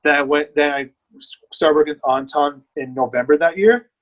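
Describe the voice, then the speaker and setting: A man's voice: on the high side, fairly quick, poor audio. A man guest, a bodybuilder, telling his story in candid, rambling casual chat.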